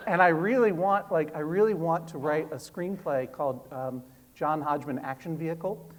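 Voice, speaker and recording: A man's voice: a little high, normal speed. A man who is a guest author on stage, talking in a rambling, self-mocking way with lots of restarts. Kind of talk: live stage conversation. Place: stage before a live audience.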